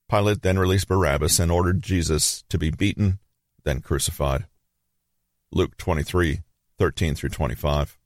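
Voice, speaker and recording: Deep-voiced male Bible story narrator. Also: no room sound, studio quality. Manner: measured, grave storytelling with dramatic pauses. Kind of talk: scripted biblical narration.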